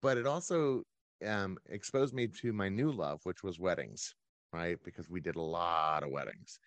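A man's voice: fairly low pitch, dry recording. A man who runs his own events business, telling his career story as a guest in a conversational interview.

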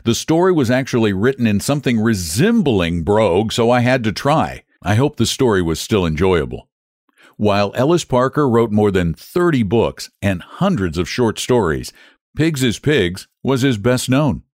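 A man hosting a podcast and reading a classic short story aloud in a steady, clear way. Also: on the low side, normal speed, dry recording, studio quality. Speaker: podcast host and narrator.

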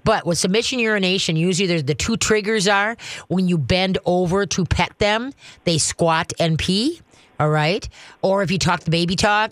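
A man hosts a call-in radio show and hands out dog training tips. His voice sits a little high for a man, and it is recorded close and dry in a studio. He rambles in a folksy way, with plenty of restarts. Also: moderate pace, a bit bright, no echo. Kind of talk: casual call-in radio chat. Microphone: studio microphone.

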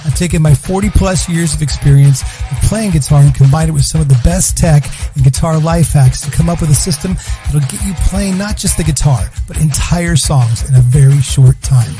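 A man reading a friendly scripted advert for a guitar course. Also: normal speed. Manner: smooth, friendly sales pitch. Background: faint guitar music.

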